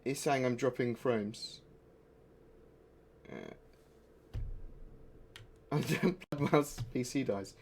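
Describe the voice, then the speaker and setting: A man's voice: mid-range voice, drawn-out words, gravelly, long pauses, darkish tone, a little hiss or hum. A man streaming a video game live, chatting in a rambling, distracted way with plenty of asides. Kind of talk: live-stream chat while gaming. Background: faint music.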